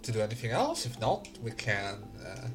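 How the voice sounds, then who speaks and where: A man narrating as game master of a tabletop game, relaxed, laughing often, with many fillers. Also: mid-range voice, moderate pace. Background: faint music.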